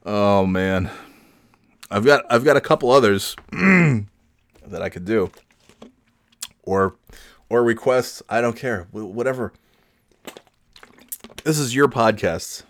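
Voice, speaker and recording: A man's voice: lowish voice, animated, slow pace, long pauses, dry recording. A man hosting a comedy podcast alone, rambling between bits with many fillers and trailing remarks. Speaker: podcast host.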